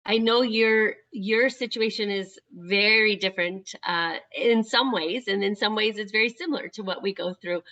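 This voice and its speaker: A woman's voice: mid-range voice, normal speed, few pauses, pushed and bright. Woman host over muffled video call. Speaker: support group host. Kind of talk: casual group discussion.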